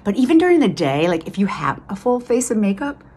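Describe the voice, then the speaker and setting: A woman's voice: medium pitch, very animated, a little fast, darkish tone, slightly rough. A middle-aged woman with a Boston accent, chatting enthusiastically through a casual makeup tutorial with lots of fillers. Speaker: beauty vlogger.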